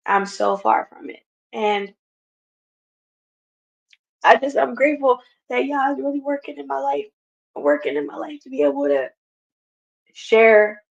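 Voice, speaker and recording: A woman's voice: on the high side, expressive, measured pace, gravelly, pauses often. A woman hosting a Bible study, teaching earnestly and repeating her phrases. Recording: dull lo-fi recording.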